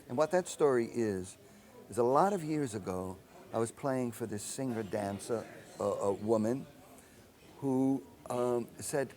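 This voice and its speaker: An older man and composer telling anecdotes in an interview, animated and acting out the dialogue he quotes. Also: medium pitch, a little slow. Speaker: film composer.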